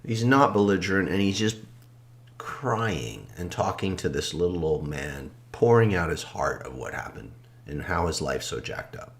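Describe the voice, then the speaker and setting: A man co-hosting a podcast, calmly and reflectively telling a story in casual conversation, often trailing off soft and low. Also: moderate pace. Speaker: podcast co-host.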